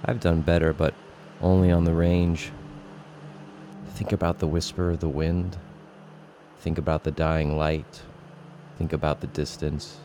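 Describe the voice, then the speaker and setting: A man voicing a calm veteran sniper coaching a long shot in a dramatic comic reading, slow, low and measured. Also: background noise.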